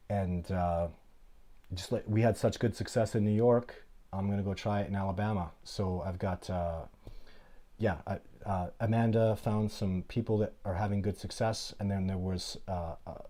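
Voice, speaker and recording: A middle-aged man hosting a casual live Q&A, telling stories in an animated, blunt, plainspoken way. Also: fairly low pitch. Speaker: host of a livestream Q&A.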